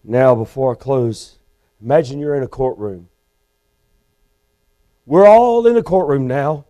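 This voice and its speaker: A man's voice: mid-range voice, expressive, unhurried, mellow. A male Baptist preacher delivering a sermon in a church, urgent and pleading with his listeners. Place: church sanctuary.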